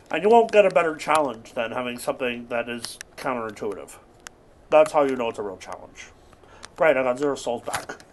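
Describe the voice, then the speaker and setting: A man in his thirties rambles through absurd, deadpan jokes while playing a game. His voice sits somewhat high for a man. Faint noise hums underneath. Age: 30s. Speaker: gaming video host. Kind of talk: absurdist comedy gaming commentary.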